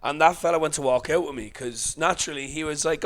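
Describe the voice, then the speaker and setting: A man's voice: fairly high pitch, fast. A young Irish man telling a story on a podcast, laughing often and swearing freely. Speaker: podcast co-host. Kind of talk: casual chat.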